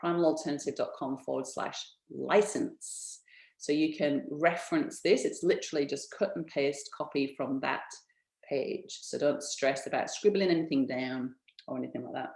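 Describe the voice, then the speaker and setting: A woman's voice: deep voice, moderate pace, vocal fry, a little mellow, echoey room. Upbeat chatty woman hosting a webinar. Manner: chatty, upbeat, laughs often, talks straight to viewers. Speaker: business founder hosting an online info session. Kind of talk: live webinar sales pitch.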